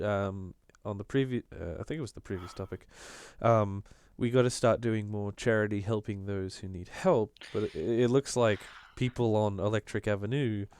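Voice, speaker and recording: An Australian man co-hosting a political podcast, talking in an animated, casual way and often restarting his sentences. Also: lowish voice, clear, resonant tone, dry recording, studio quality. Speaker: podcast co-host.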